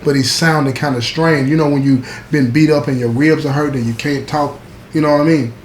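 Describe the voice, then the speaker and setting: A man's voice: a little high, steady tone, fairly quick. A man telling a true-style story in a casual, emphatic way, talking straight to the listener. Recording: echoey room with faint background noise.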